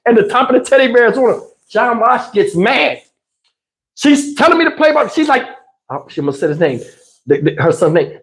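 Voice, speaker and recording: A man telling a story on a livestream, his fairly high voice swinging up and down wildly as he gets worked up. He is animated and conversational, and often checks in with his listeners. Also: brisk. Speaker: channel host.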